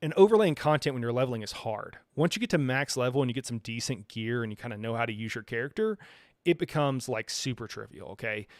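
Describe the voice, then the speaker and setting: A man's voice: mid-range voice, expressive, fast talker, no echo, clean studio sound. A man hosting a live stream, chatting casually about a game in a rambling way, full of fillers and frequent chuckles. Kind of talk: casual gaming reaction chat.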